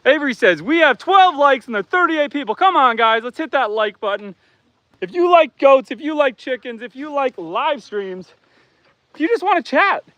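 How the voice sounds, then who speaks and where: A man's voice: extremely high pitch, very animated, normal speed, fairly bright tone, no echo, muffled recording. A man hosting a casual live stream outdoors on his farm, chatting with viewers and calling to his animals. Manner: chatty, reads viewer comments aloud, calls to animals. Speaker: homesteader live-streaming host.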